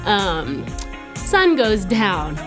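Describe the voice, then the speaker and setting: A young adult woman leading a youth church lesson, telling stories in a chatty, animated way, laughing often and using casual slang. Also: medium pitch, extremely slow, over music.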